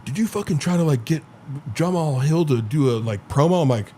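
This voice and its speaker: Animated and a bit quick, this man's slightly high, mellow voice carries long rambling stories on his podcast. He chats casually, filling his talk with "like" and profanity, with slight background noise behind him.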